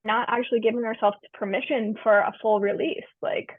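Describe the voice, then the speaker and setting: A woman's voice: on the high side, steady tone, brisk, dry recording. A woman counselor and yoga teacher explaining breathwork as an interview guest, earnest with easygoing slang. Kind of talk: casual interview talk. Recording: tinny phone-like line, dry.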